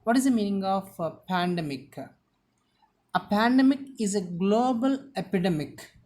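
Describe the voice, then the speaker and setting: A woman teaching vocabulary, repeating each word slowly and stressing its syllables. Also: medium pitch, mellow. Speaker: English teacher. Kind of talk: slow vocabulary lesson.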